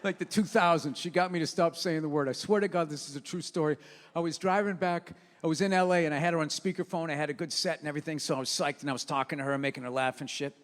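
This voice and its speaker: A man performing a stand-up comedy routine, ranting and profane, swinging from loud outbursts to low muttered asides. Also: fairly even intonation, quick pace. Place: live comedy venue. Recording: live venue hall reverb.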